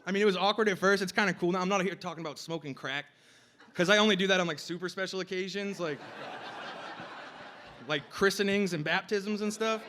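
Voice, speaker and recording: A young man doing a stand-up comedy set on a festival stage, with a loose, rambling delivery full of "like" and shouting over the crowd at times. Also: high voice, fairly quick, a little hiss or hum.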